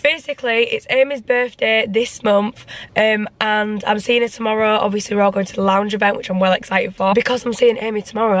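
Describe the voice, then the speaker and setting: A young woman from England, chatting casually to camera in a personal vlog, full of "like" and "um" and quick to laugh. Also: medium pitch. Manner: chatty, lots of "like" and "um", laughs and swears freely. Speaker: vlogger.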